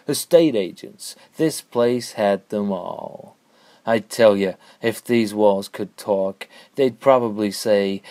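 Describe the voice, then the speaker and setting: A man narrating a comic hard-boiled story in a deadpan, noir style. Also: lowish voice, slow pace. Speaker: comedian narrator.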